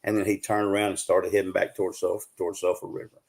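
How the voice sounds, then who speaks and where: A middle-aged man with a Southern US accent, a guest telling a long story in a folksy, drawn-out way full of fillers. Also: low-pitched, flat delivery, vocal fry, darkish tone. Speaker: guest, Bigfoot researcher. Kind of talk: casual storytelling on a live show.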